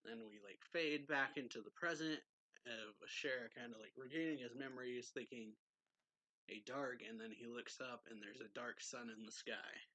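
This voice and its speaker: A man's voice: medium pitch, fairly even intonation, normal speed, sharp tone, low-quality recording. A young man recapping a comic chapter in a loose, rambling way with lots of fillers. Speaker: manga reviewer.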